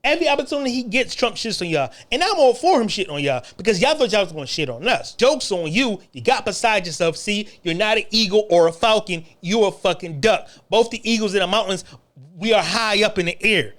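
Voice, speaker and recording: An American online commentator rants profanely at the camera in a high, expressive, fairly bright voice at a brisk pace. His monologue is taunting, with mocking laughter and stammering as he restarts again and again.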